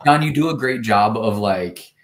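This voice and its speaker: Male guest actor, low voice, roomy echo, reflective with wry jokes. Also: lively intonation, normal speed. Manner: thoughtful, joking asides. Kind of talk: casual interview chat. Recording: echoey room.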